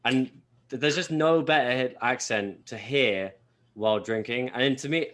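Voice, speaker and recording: A man's voice: mid-range voice, moderate pace, a bit bright. A man on a podcast rambling in casual chat, full of filler words and swearing. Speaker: podcast co-host.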